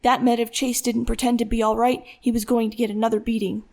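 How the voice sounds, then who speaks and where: A woman narrating a dramatic thriller audiobook in a steady storytelling voice. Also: on the high side, fast talker, gravelly.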